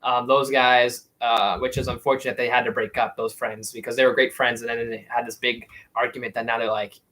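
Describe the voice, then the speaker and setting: A man's voice: mid-range voice, little pitch movement, brisk, fairly bright tone, rough recording. A young man in casual live-stream chat, rambling with many fillers and restarts as he answers viewers. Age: young adult. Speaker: YouTube streamer.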